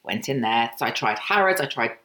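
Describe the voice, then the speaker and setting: A woman's voice: very deep voice, a little fast. A woman co-hosting a podcast, telling rambling stories in casual chat and laughing often. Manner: animated, rambling storyteller with frequent laughs. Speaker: podcast co-host.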